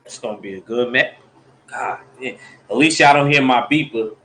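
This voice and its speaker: A man's voice: mid-range voice, normal speed, fairly bright tone, poor audio. A man hosting a casual live stream, talking loose slangy banter to his chat while he has the hiccups.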